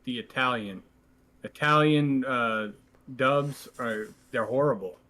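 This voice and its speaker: A man's voice: mid-range voice, slow pace, pushed and bright. A man in casual podcast chat who often stammers and restarts as he talks. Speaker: podcast co-host.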